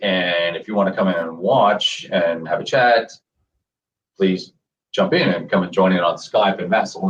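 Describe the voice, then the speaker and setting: A laid-back man with a lowish voice tells a story in a casual podcast chat. He sounds set back from the mic on a muffled online connection. There is a faint hiss behind him. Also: distant mic. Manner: laid-back, laughs while telling stories. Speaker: podcast co-host.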